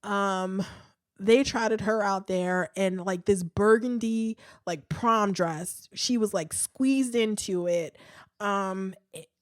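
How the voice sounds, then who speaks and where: Speaking slowly at a medium pitch, an American woman hosts a podcast with casual, candid commentary. She often uses fillers, sighs, and restarts, and the clean studio sound has no room echo.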